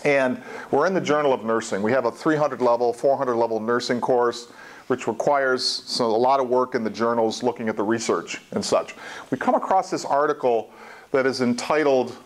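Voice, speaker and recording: A man's voice: mid-range voice, moderate pace. A man lecturing a college statistics class in a classroom. He explains step by step in a plain voice and repeats the key points, with small asides along the way. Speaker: statistics instructor.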